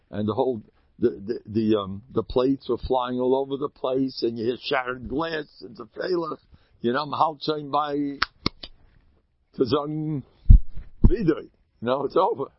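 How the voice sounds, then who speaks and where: A man speaking as a rabbi, telling stories in a lively Torah talk and acting out characters with sudden loud outbursts. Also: vocal fry, slightly rough, no room sound, lo-fi sound. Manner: animated, acts out characters with sudden high shouts.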